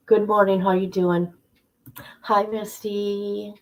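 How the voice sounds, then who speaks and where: A woman's voice: medium pitch, fairly even intonation, measured pace, phone-quality sound. Chatty woman hosting a livestream. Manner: chatty, reads legal text aloud with asides. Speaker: livestream host. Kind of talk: casual livestream chat and document reading.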